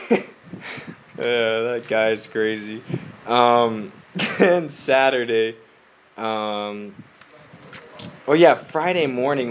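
A man's voice: mid-range voice, slight background noise. A young man, a missionary, giving a casual spoken update to his family, rambling with many "like"s and frequent laughs, his voice slightly stuffy from a cold. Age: young adult. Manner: rambling, heavy use of "like", laughs often.

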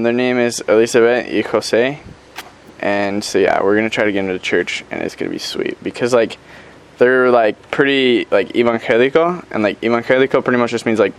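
A man's voice: mid-range voice, clear, resonant tone. Young man in his twenties, missionary, chatty and upbeat, full of fillers. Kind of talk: casual video update.

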